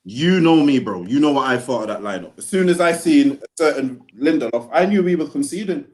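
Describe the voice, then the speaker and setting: A young man co-hosting a football podcast in slangy, animated banter. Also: medium pitch, fairly quick. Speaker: podcast co-host. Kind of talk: casual podcast chat.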